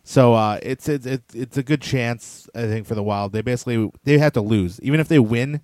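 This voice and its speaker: A man's voice: medium pitch, fairly quick, a little mellow, no room sound. Eager, stammering man on a sports podcast. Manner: eager, stumbles over repeated words. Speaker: podcast co-host. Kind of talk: casual sports chat.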